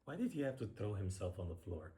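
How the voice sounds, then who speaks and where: A man's voice: sits low, big pitch swings, fast, very noisy. A middle-aged man, a professional ballroom dancer, giving blunt, sarcastic casual commentary while reacting to a dance show.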